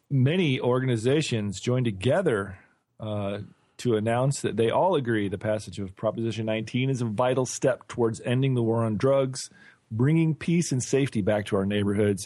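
A man with a fairly low voice hosts a casual podcast, running through news items in a loose, joking way full of asides. The sound is dry and close, with no room around it. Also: no room sound. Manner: relaxed, joking, rambling news reading. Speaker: podcast co-host.

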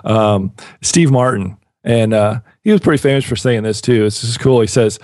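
A man's voice: mid-range voice, moderate pace, hardly any pauses, darkish tone, dry recording, studio quality. A man co-hosting a podcast in casual chat, rambling and laid-back, laughing often. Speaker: podcast co-host.

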